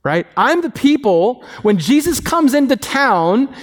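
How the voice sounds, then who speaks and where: A man preaching a sermon as pastor, animated and acting out the voices of others. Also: extremely high pitch, a little slow. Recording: long reverb of a hall.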